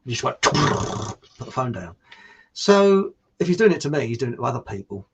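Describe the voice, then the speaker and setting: A medium-pitched, sing-song male voice with a breathy edge, at a moderate pace. On his own online show he talks in a relaxed, rambling live-stream way, reading viewer comments aloud and cracking jokes that make him laugh.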